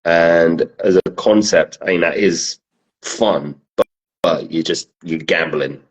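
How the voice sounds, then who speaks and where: Deep-voiced man, blunt and opinionated in casual chat. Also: slow, muffled recording.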